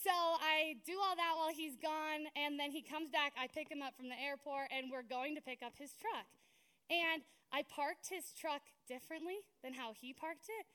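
A woman's voice: high voice, moderate pace, sharp tone. A young woman preaching a sermon in a conversational, storytelling way, often checking in with "right?".

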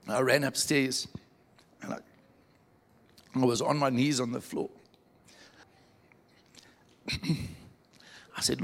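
A man preaching to a church, telling a story with animated quoted voices. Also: medium pitch, takes it slowly, long pauses. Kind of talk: sermon storytelling.

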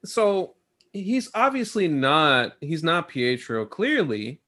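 A man in a casual podcast chat, excitable and halting, often restarting his sentences. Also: fairly high pitch. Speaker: podcast co-host.

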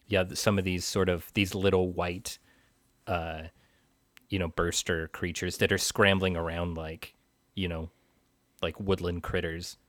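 Deep-voiced man discussing films. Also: flat delivery, unhurried, fairly bright tone, no room sound. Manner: thoughtful, rambling with fillers. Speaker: film podcast co-host. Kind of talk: casual film discussion.

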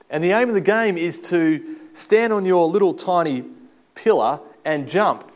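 A middle-aged man gives an informal sermon. His voice sits a little high for a man. He tells stories in a loose, animated way and pokes fun at himself. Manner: chatty, self-deprecating, animated storytelling. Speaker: preacher.

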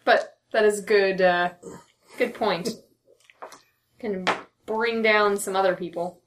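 A woman's voice: medium pitch, steady tone, takes it slowly, very noisy. A woman running a tabletop role-playing game as game master, chatting casually and laughing often between lines.

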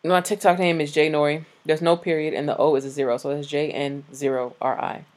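Woman, late 20s, solo podcast host; blunt, profane, animated rant, tired. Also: deep voice, brisk.

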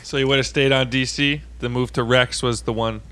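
A man's voice: medium pitch, steady tone, brisk, fairly bright tone, clean tone, no echo. A man with a mid-range voice co-hosts a casual podcast. He asks follow-up questions and reacts to stories with easy, profane amazement. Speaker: podcast co-host. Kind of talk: casual interview chat.

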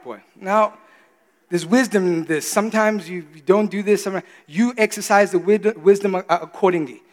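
A man in his thirties preaching a sermon, animated, swinging between quiet confiding asides and loud exclamations. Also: sits high. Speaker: pastor. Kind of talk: sermon with storytelling. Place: church. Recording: reverberant church hall.

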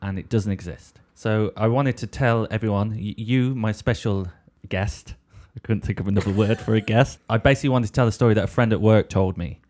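A man's voice: on the low side, brisk, few pauses, a little mellow. A young man hosting a podcast, telling a rambling comic anecdote in casual talk and swearing freely. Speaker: podcast host.

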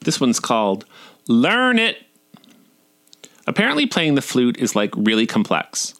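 A man's voice: mid-range voice, wildly swooping pitch, brisk, fairly bright tone. Wry man in his forties. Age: 40s. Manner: wry, irreverent, playfully profane. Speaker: essayist reading his own stories. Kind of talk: humorous personal essay reading.

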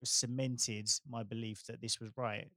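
A man's voice: mid-range voice, level tone, unhurried, fairly bright tone, no echo, clean studio sound. A man co-hosting a casual chat, speaking reflectively with lots of "you know"s and easy laughter. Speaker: podcast co-host.

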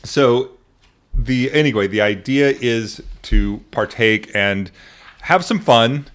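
A man's voice: medium pitch, slow, fairly bright tone. A man hosting a podcast, chatting casually, joking and laughing often, with frequent restarts. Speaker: podcast host. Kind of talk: casual chat.

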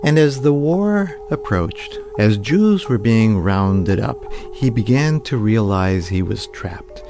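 A man's voice: on the low side, lively intonation, slow pace, warm tone, faint music behind. A man, a professional storyteller, narrating a personal story vividly and slipping into the voices of the people he quotes.

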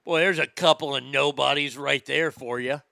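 A man hosting a comedy show, ranting loudly and profanely and mocking celebrities. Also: medium pitch, steady tone, normal speed, vocal fry, no room sound. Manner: loud, profane, mocking, laughs at own jokes. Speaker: comedy podcast host. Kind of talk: crude comedic rant.

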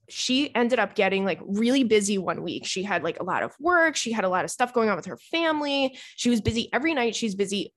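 A woman hosting a casual talk show, candid and blunt, swearing freely and acting out conversations as she tells a story. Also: a little high. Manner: animated storytelling, acts out friend's lines. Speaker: podcast host giving dating advice. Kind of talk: casual chat to listeners.

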